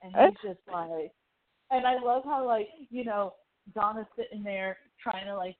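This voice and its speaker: A woman co-hosting a casual chat about a TV show, excitable and swearing as she retells scenes. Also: medium pitch, unhurried, crowd noise. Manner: excitable, swearing, laughing asides. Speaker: podcast co-host. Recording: tinny phone-like line.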